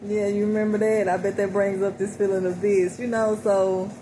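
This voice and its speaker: Woman explaining song lyrics, flat steady voice, kinda noisy recording. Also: medium pitch, normal speed. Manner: reflective, repeats "okay?" and "you know". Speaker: spiritual reader interpreting song lyrics. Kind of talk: casual spoken reading. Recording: noticeable background noise.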